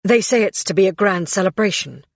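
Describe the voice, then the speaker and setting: A woman's voice: mid-range voice, no echo, studio quality, natural voice. A woman voicing a jittery bird-man servant. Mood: rushed. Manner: hesitant and fidgety, then rushed. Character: nervous male servant, a bird turned into a man.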